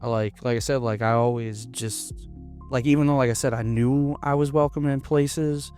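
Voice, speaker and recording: A young man from Florida, a comedian guest in a casual interview, talking in a hesitant, halting way with many restarts. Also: mid-range voice, fairly even intonation, a little mellow, soft background music. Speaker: podcast guest, stand-up comedian.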